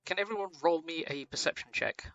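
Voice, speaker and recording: A man's voice: fairly high pitch, brisk, vocal fry, fairly bright tone, no echo, dull audio, soft background music. A man running an online tabletop game as game master, talking casually and swearing offhandedly.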